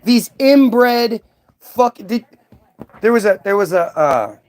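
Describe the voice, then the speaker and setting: A man's voice: high-pitched, sing-song, slow. A man giving casual, ranting reaction commentary in a sarcastic tone.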